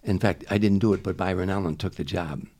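A man's voice: low voice, brisk, warm tone. An older man from Chicago, a guest comedian telling a long story in a rambling way, full of restarts and "you know". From Chicago, USA. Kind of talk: casual storytelling.

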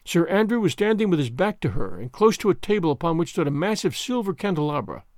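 A man narrating a classic novel in an expressive, dramatic reading. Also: a little high, fast, no echo, studio quality. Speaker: audiobook narrator.

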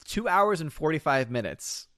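A man's voice: on the high side, expressive, moderate pace, bright, forceful tone, no room sound, studio quality. A man hosting a casual podcast, rambling about films, laughing often and acting out quotes. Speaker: podcast host reading chat. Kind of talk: casual chat.

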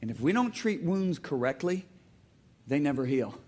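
A man preaching a sermon to a congregation, telling stories in an animated way with loud outbursts and calls for the crowd to answer back. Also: on the high side, moderate pace. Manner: animated storytelling, bursts into loud exclamations. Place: church hall before a congregation.

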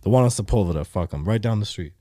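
Profane, animated young man telling stories. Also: lowish voice, fast, dry recording, studio quality. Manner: animated, profane, acts out quotes. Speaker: podcast co-host. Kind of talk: casual storytelling chat.

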